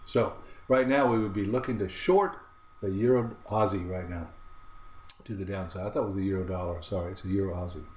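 A man's voice: low voice, fairly even intonation, brisk, a little mellow, a little hiss or hum. A man giving a trading lesson over a chart, often checking in with rhetorical questions and repeating his phrases. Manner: repetitive, asks rhetorical "right?" checks. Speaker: trading instructor. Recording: roomy echo.

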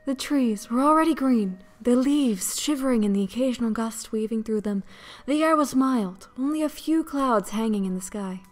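Breathy dramatic narrating woman. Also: fairly high pitch, lively intonation, measured pace. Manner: breathy, seductive reading voice. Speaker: game co-host.

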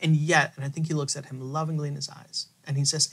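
A man on a faith podcast, retelling a Bible passage in an animated storytelling way and acting out the quoted lines. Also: on the high side, fast, gravelly. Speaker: theologian co-host.

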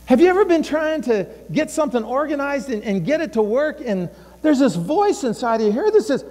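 A man's voice: extremely high pitch, sing-song, a little fast, a little mellow, big-room sound. A man preaching a sermon as a pastor, emphatic and repeating his phrases, sometimes voicing inner thoughts.

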